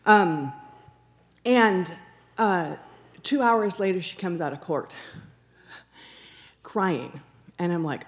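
A woman with a fairly low voice tells a personal faith story in earnest, unhurried testimony style. She acts out the dialogue as she goes and leans on repeated phrases for emphasis, with fillers and restarts along the way. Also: lively intonation. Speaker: church member sharing a testimony.

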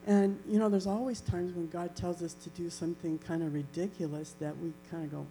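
A woman's voice: lowish voice, steady tone, fairly quick, few pauses, over music, poor audio. A woman earnestly sharing a personal faith testimony in a reflective way. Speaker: church member giving a testimony. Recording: faint electrical hum.

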